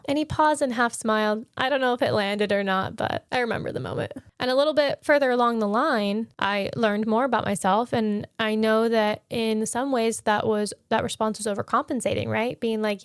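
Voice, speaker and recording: A woman's voice: fairly high pitch, fairly quick, hardly any pauses, no room sound, clean studio sound. A woman hosting a podcast, giving earnest, conversational dating advice and reflecting on her own experiences. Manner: earnest, conversational, self-reflective with light laughs. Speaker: podcast host. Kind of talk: personal dating advice monologue.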